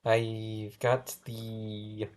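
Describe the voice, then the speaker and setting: A man's voice: lowish voice, monotone, extremely slow, a little mellow. A man voicing a flustered first-grade teacher who stumbles, restarts his sentences and keeps apologizing. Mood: patient. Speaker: schoolteacher taking roll call. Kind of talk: amateur animation voice acting.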